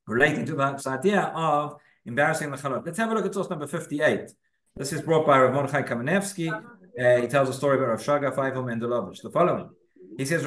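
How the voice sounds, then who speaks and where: A man's voice: medium pitch, a bit bright. Man teaching in an echoey room. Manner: conversational, reads sources aloud, frequent fillers and restarts. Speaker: rabbi teaching a class. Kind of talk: casual spoken Torah class. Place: synagogue room.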